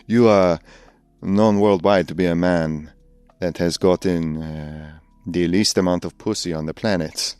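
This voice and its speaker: A man voicing a haughty male French hotel concierge in a put-on French accent, speaking with mock-formal, halting phrasing. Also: low voice, fairly even intonation, a little mellow, clear, resonant tone, no room sound. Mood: condescending.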